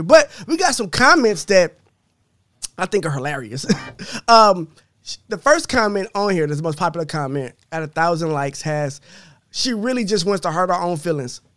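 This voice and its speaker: Male podcast host, high voice, blunt and profane, dry close recording. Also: animated, a little fast, a bit bright, no echo. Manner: blunt, profane, laughs often. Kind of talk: casual chat reading comments.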